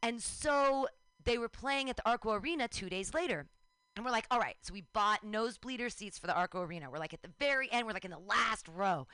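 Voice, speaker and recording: A woman in her forties telling a lively personal story on a radio talk show, acting out her own shouts and cheers. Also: a little high, a little fast, clean tone, dry recording.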